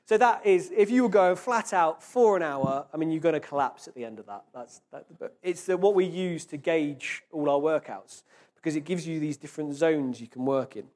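A man giving an informal sermon, chatting casually and reading scripture slowly with emphasis. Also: a little high, darkish tone. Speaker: preacher.

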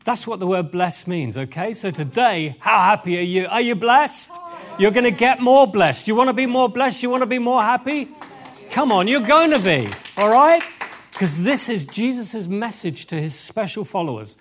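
A man preaching a lively sermon, animated and exclamatory, addressing the audience directly. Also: high-pitched, normal speed. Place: event hall with tables.

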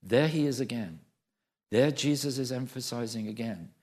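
A man's voice: medium pitch, moderate pace, a little mellow. A man preaching a sermon, emphatic, repeating phrases for stress and asking the congregation questions.

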